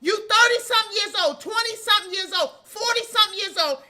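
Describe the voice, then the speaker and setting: Sassy scolding woman host, very high voice, casual commentary, middle-aged. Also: animated, fast, few pauses, pushed and bright. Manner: sassy, scolding, laughs mid-sentence.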